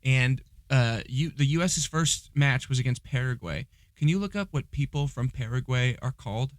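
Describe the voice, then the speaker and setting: A man's voice: mid-range voice, animated, normal speed, no echo, studio quality. A man co-hosting a podcast in casual chat, joking and teasing, often laughing. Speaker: podcast co-host.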